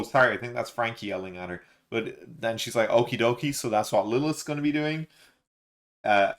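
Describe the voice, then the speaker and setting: A man's voice: fairly low pitch, a bit bright. A man hosting a live manga reaction, reading panels aloud in a loose, filler-heavy way and quoting characters offhandedly. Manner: reads panels aloud with offhand quoted lines, many fillers. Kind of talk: casual live read-along reaction.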